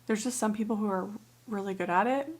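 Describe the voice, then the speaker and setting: A young woman talks casually about her books, gushing and chatty and peppering everything with "like". Now and then she drops into a soft, breathy near-whisper. Her voice sits in an ordinary middle pitch. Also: fast. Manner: gushing, chatty, many "like" fillers. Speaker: book vlogger. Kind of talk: casual chat.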